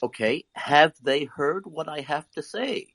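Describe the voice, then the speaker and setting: Emphatic, husky-voiced surgeon. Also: male voice, a little high, animated, a little slow, a bit bright, no room sound. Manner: heated, emphatic, swears. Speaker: eye surgeon debater. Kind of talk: live debate talk.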